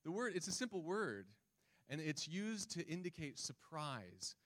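A man's voice: on the high side, sing-song, measured pace, fairly bright tone. A man preaching a sermon, reading scripture and talking casually with the congregation, often asking them questions. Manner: conversational, asks the congregation questions. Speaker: pastor.

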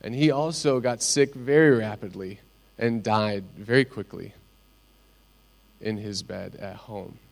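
A man's voice: lowish voice, vocal fry, a little mellow. Earnest middle-aged man preaching. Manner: earnest, personal storytelling with pauses. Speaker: pastor. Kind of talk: sermon.

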